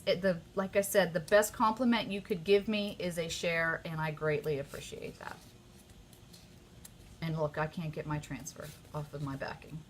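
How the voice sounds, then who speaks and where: A woman hosting a casual live craft tutorial, chatty and easily excited, often gushing over her work. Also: medium pitch, a little hiss or hum.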